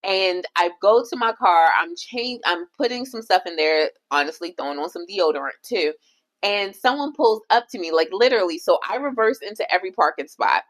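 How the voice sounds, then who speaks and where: A woman's voice: medium pitch, brisk. A woman from the United States co-hosting a casual podcast chat, telling a story and acting out the voices of the people in it. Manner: animated storyteller, acts out quoted voices. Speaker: podcast co-host.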